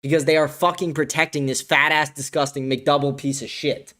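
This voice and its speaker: A man's voice: on the high side, level tone, a little fast, pushed and bright. Angry ranting male stream host. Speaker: show host. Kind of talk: live-stream political commentary.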